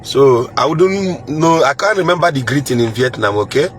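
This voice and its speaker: A man's voice: mid-range voice, animated, normal speed, a little hiss or hum. A man with a Nigerian accent hosting a casual live chat, reading viewer comments in a playful way, chuckling and repeating phrases.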